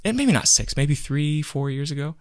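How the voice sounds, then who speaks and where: Dry, animated man telling a story. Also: on the high side, normal speed, clear, resonant tone, no echo. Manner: animated storyteller who acts out what people said; rambling, with many fillers and self-corrections. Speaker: podcast co-host. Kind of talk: casual chat.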